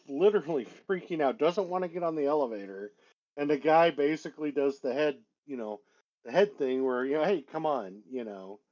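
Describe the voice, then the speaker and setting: A man's voice: mid-range voice, a little mellow, muffled recording. A man co-hosting a casual movie review podcast, retelling the plot in a wry, matter-of-fact way. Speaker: podcast co-host.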